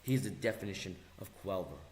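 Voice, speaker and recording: A young man ranting angrily on video, mocking and insulting, swinging between low mutters and loud yells. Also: expressive, quick pace. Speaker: video ranter. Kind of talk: angry rant video. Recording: echoey room.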